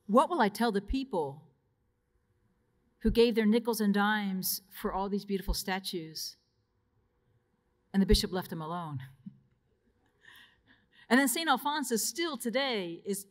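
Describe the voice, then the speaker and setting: A woman religious sister gives a conversational retreat talk, telling personal stories and laughing between them. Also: a little high.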